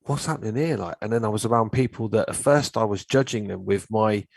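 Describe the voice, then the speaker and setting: A middle-aged man telling stories in casual chat, animated and swearing freely. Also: lowish voice, brisk, creaky, no echo. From England. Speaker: guest, therapist.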